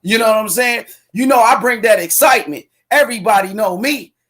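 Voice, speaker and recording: A man from Los Angeles calling into a live chat, brash and boastful, talking himself up and hyping loudly. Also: sits high, a little fast. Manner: brash, boastful, hyped shouting. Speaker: call-in guest. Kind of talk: casual chat.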